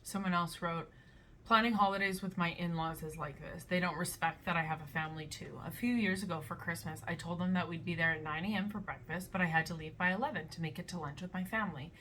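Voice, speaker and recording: Blunt, animated twenties woman host, bright forceful tone, slightly low pitch. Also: fast talker, a little hiss or hum. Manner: blunt and animated, with playful voices. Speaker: reaction video host. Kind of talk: casual chat reading online posts.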